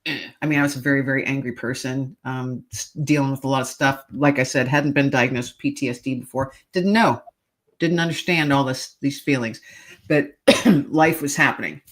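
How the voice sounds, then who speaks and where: A woman's voice: rumbling low, fairly even intonation, normal speed. A middle-aged woman, a podcast guest, telling a personal story earnestly and emotionally, with hesitant restarts.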